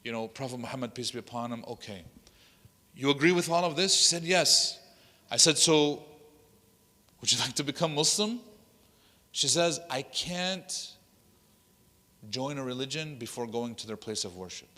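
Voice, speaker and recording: An imam tells a story at a workshop, switching into the voices of the people he quotes. His voice is bright and forward. The sound rings out with a long hall reverb. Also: medium pitch, expressive, moderate pace, long pauses. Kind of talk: workshop talk telling a story. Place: mosque hall.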